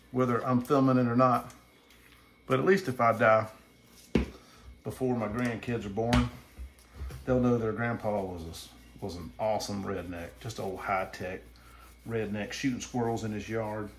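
A middle-aged man from the American South, talking through a home cooking vlog in a folksy, rambling, self-deprecating way, first in his kitchen and then out at his grill. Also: lowish voice. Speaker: cooking channel host.

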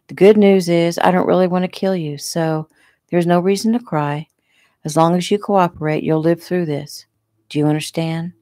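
A woman reading the part of a menacing male attacker who speaks calmly and quietly in an audiobook. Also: fairly low pitch, normal speed, no echo, studio quality, close to an everyday voice. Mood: cold coaxing. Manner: calm, coaxing, quietly threatening. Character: menacing male attacker, soft-spoken and cold.

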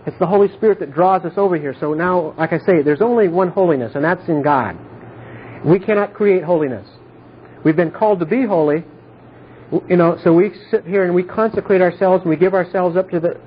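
Over tinny, phone-like audio with a little hiss or hum, a man whose voice sits high runs an informal Bible study. He explains earnestly and repetitively, regularly asking his listeners if they understand.

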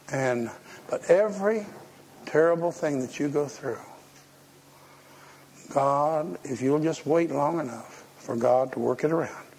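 A man's voice: fairly high pitch, darkish tone, a little hiss or hum. A man preaching a folksy, humorous sermon and acting out the voices he quotes. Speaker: pastor.

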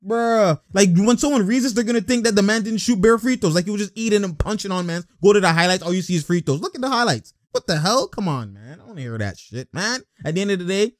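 A young man giving casual, excitable basketball reaction commentary, blunt and slangy, laughing often. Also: high voice, fast talker, few pauses, dry recording, studio quality.

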